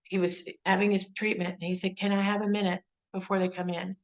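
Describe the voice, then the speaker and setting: A woman hosting an interview, speaking gently and consolingly to her guest. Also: mid-range voice, flat delivery, brisk, low-quality recording. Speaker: interview host. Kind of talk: interview conversation.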